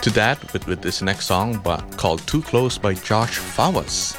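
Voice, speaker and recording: Young male radio co-host, lowish voice, relaxed chatty banter, music bed clearly under him. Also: a little slow.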